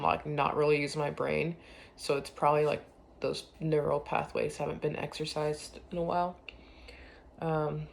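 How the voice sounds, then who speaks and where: A woman talking in a casual confessional vlog, rambling and hesitant with many fillers, often trailing off quietly. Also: sits low, gravelly, a little hiss or hum.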